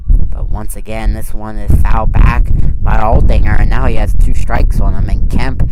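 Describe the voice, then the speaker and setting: A young man giving steady play-by-play commentary on a high school baseball game from behind home plate, lifting his voice on the big plays. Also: slight background noise, poor audio. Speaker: play-by-play announcer.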